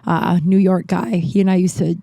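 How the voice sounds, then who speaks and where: A woman's voice: on the low side, level tone, normal speed, vocal fry, dark tone, no room sound. A woman hosting a podcast, telling personal stories in a rambling, candid way and swearing freely. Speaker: podcast host. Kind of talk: casual storytelling monologue.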